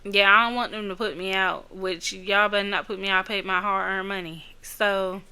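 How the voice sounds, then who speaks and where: Woman host, solo podcast; bright, crisp voice; chatty, rambling, candid, quick to laugh. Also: medium pitch, fairly even intonation. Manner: emotional, candid storytelling. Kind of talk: casual solo podcast chat.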